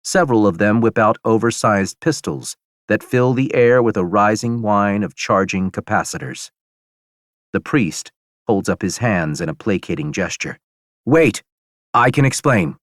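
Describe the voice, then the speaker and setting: A male audiobook narrator with a very low, deep voice tells a first-person story at a steady, measured pace. The recording is close and very dry, with no room sound behind it. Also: no echo.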